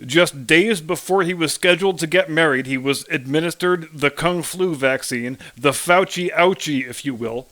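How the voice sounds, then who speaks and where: Guy ranting solo on his commentary channel, sarcastic and mocking, kinda high voice. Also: fairly bright tone. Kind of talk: scripted commentary monologue.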